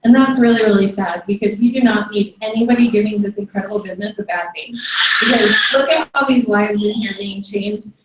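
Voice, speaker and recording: A woman's voice: medium pitch, recorded from a distance, slight background noise. A woman giving a firm motivational training talk to her sales team in a meeting room, scolding and often checking in with "okay?". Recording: echoey room, recorded from afar.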